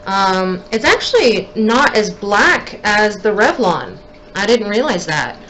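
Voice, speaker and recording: A young woman chats at home while doing her makeup, her mid-range, fairly bright voice swinging widely in pitch at an unhurried pace. She's self-deprecating, thinking aloud and growing steadily more frustrated. The audio is poor, with a bit of hiss or hum.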